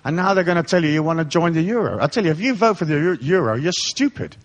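A man's voice: on the high side, expressive, quick pace. A middle-aged man born in England and raised in Africa, giving a live talk to an audience as a spiritual lecturer in a profane, mocking, comic style. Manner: profane, mocking, comic rant with put-on voices.

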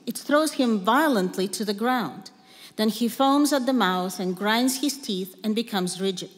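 A woman's voice: fairly high pitch, close to an everyday voice. A woman reading the lines of a desperate father pleading for his sick son in a church scripture reading. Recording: long church reverb.

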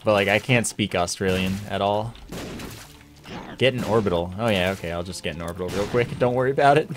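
A man's voice: low voice, steady tone, fairly quick, noisy background. A man streaming a video game live, chatting casually with his viewers in a wry, self-deprecating way. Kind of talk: live gameplay commentary.

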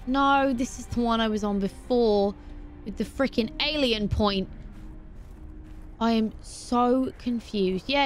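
A woman playing a video game, talking to herself in an animated way and breaking into startled exclamations. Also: medium pitch, a little hiss or hum. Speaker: let's play host. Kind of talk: gaming commentary.

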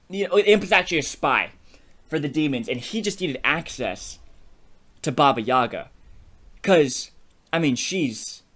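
A young man pitching a wild story idea in a casual podcast chat. He is animated and playful, with a slightly high voice. His delivery bounces from joke to joke as he builds the story. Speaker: podcast co-host.

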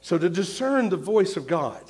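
A male pastor preaching a sermon, repeating his points and swinging between loud and hushed. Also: sits high, sing-song, moderate pace, husky.

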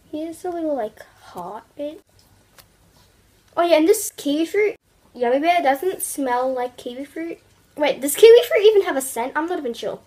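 A young woman vlogger unboxing products in an excitable, gushing way, full of exclamations. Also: sits high, low-quality recording.

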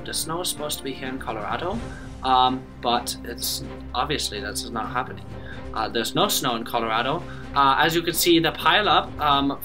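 A young man playing a hesitant deadpan field reporter. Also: on the high side. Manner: hesitant, full of ums and uhs, deadpan. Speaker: mock news reporter. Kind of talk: amateur comedy news parody.

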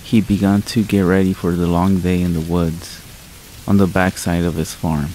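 A man narrating horror stories in a calm, measured way with dramatic pauses. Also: deep voice, slight background noise, low-quality recording.

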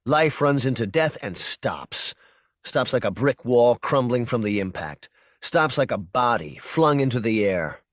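A man narrating a short story for an audiobook in a measured, intense second-person voice. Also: mid-range voice, expressive, no room sound, clean studio sound. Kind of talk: scripted narration.

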